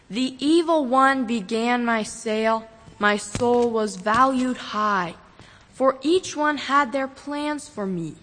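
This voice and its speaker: A woman reciting a poem in a slow, measured way in a church. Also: on the high side, a bit bright. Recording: reverberant church hall.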